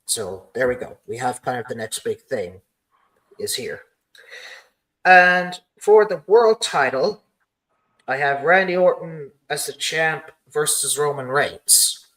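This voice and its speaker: A man's voice: mid-range voice, animated, slow, a bit bright, low-quality recording. A man hosting a casual podcast, rambling through his ideas with many "you know" fillers. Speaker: podcast host.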